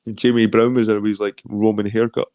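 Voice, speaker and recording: A man's voice: lowish voice, little pitch movement, fast talker, a little mellow. A Scottish man hosting a stream, chatting loosely and reading out viewer comments, rambling with lots of swearing. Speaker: stream host.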